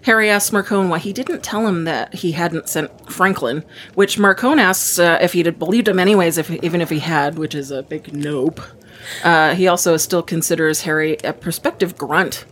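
A woman with a fairly low voice reads out chapter summaries on a casual book podcast. She adds dry, sarcastic asides. A faint hiss sits under the recording. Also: moderate pace, a bit bright. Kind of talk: casual book discussion chat.

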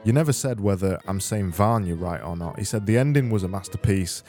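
Low, mellow sardonic British-born man. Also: expressive, a little fast, soft background music. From Britain. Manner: rambling, sardonic. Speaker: podcast host. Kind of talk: comedic solo podcast.

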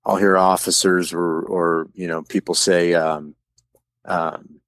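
Very deep-voiced, halting man. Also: little pitch movement, fairly bright tone, no echo. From American Midwest. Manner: halting, searching for words. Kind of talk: casual discussion.

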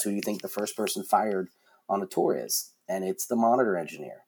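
Man, forties, husky, animated storyteller, lots of fillers and restarts, casual interview guest. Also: low voice. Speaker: concert production guest.

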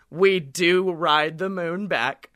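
A man with a high voice co-hosting a podcast, spinning a story in loose, animated improvisation. His tone is very bright and edgy, and he laughs and swears as he goes. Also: extremely slow. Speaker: podcast co-host.

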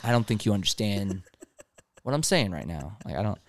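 A man's voice: lowish voice, fairly quick, dry recording, studio quality. A young man, a restaurant server, co-hosting a casual chat and telling work stories animatedly, acting out customers. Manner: animated storytelling, acts out customers. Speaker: podcast co-host, restaurant server.

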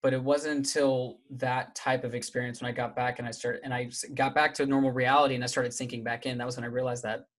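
Guy guest telling his own story, halting, lots of likes and restarts, honest. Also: medium pitch, little pitch movement, fairly bright tone. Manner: candid, halting, many fillers and restarts. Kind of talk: personal storytelling in conversation.

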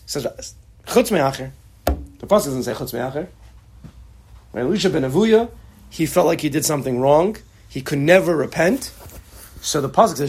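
Expressive husky male Torah teacher. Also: mid-range voice, unhurried, long pauses. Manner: expressive, acts out quotes, mixes Hebrew terms. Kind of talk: class on a text.

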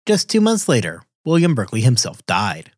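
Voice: mid-range voice, huge pitch swings, fairly quick, dry recording, studio quality. A podcast host reading scripted history narration in a wry way, dropping casual asides.

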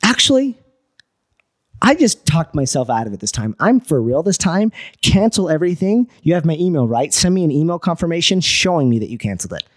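Man, entrepreneur guest, casual storytelling, very lively intonation, acts out dialogue, swears. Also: a little high, fairly quick.

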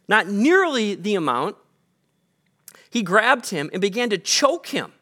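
A man's voice: sits high, huge pitch swings, takes it slowly, long pauses, fairly bright tone. A man, the pastor, preaching a sermon in a casual, conversational way with frequent fillers, recorded in a church.

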